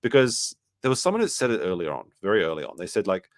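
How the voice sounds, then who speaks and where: A man's voice: low-pitched, sing-song, fast talker, hardly any pauses, no echo, clean studio sound. A man hosting a casual commentary stream, reading chat messages aloud and joking about clips.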